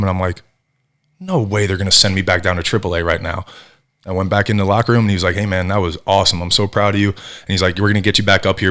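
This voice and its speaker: A man in his thirties from New Jersey, a former ballplayer guest telling animated stories in casual chat. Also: sits low. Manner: fast, animated storyteller acting out quotes. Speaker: podcast guest, former baseball pitcher.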